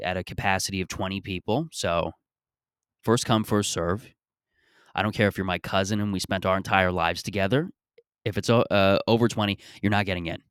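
Man around 30, deep low voice, dry sound, rambling jokey podcast host with a bit of swearing. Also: clear, resonant tone, no echo. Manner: rambling, joking, profane. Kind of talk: casual solo podcast monologue. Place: parents' backyard outdoors.

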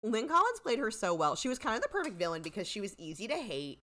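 A woman's voice: mid-range voice, wildly swooping pitch, fast, bright, forceful tone. A woman co-hosting a podcast in casual chat, rambling and trailing off with lots of "like" and "you know". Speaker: podcast co-host.

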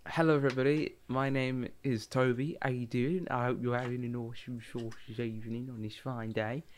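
A man's voice: medium pitch, little pitch movement, a little fast, a little hiss or hum. A young man co-hosting a casual podcast chat, rambling with lots of fillers and repeated phrases. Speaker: podcast co-host.

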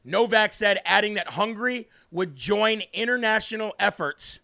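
High-voiced, gravelly political talk host. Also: male voice, pushed and bright. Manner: combative, mocking, opinionated. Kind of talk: political talk show commentary.

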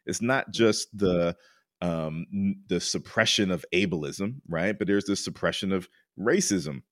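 Low-voiced man, dry close sound. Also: unhurried, no echo. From United States. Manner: informal, rambling, frequent "right?" and "like"; gets loud and high-pitched when excited. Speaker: counselor and podcast guest. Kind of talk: candid interview conversation.

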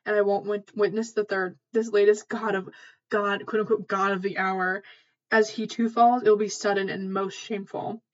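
A woman's voice: medium pitch, flat delivery, moderate pace, dull audio, natural voice. A woman reading out a defiant, scornful male Titan's lines in her own casual voice, with a sneering tone. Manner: sneering, slangy paraphrase.

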